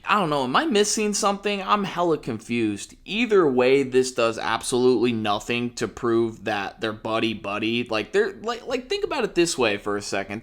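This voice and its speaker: A man's voice: medium pitch, a bit bright. A young man giving a ranting commentary, sarcastic and profane, mocking his target with short laughs. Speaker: commentary YouTuber.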